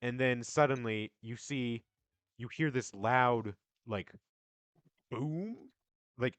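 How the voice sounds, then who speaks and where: Guy running a tabletop game, gets loud and animated doing npc voices, dry close mic. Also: mid-range voice, slow, no room sound. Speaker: game master. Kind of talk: narrating a tabletop game and voicing characters.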